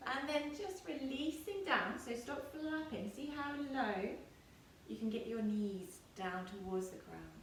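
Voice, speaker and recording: A woman in her thirties teaching yoga to children, giving gentle, playful, encouraging instructions. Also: a little high, lively intonation, a little slow. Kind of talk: guiding a kids' yoga class. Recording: echoey room, distant mic, faint noise.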